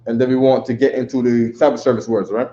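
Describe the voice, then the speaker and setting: A man's voice: medium pitch, steady tone, fast talker, mellow. Man teaching a class in an echoey room. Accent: New York. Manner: repetitive, conversational, checks with "right?". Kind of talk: classroom lecture. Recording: echoey room, dull lo-fi sound.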